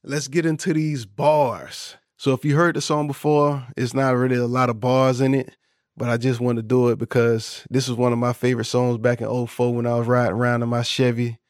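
Southern Florida man, podcast host, easygoing slangy patter, mid-pitched voice, dry close sound. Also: little pitch movement, a little fast, no echo. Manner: laid-back slangy banter, laughs often. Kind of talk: casual solo podcast commentary.

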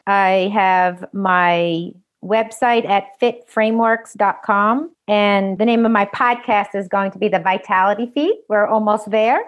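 A woman with a New York accent, a health specialist guest on a casual podcast interview, giving brisk, emphatic advice. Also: mid-range voice, muffled recording.

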